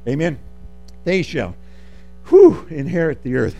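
A man preaching a sermon, calling for amens and swinging between soft asides and loud, drawn-out lines. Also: fairly high pitch, vocal fry, soft background music. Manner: animated, calls for amens, swings from soft to shouting.

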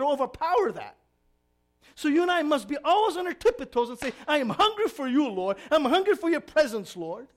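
A preacher delivering a sermon, swinging between shouted emphasis and quiet, low asides, and stretching out key phrases.

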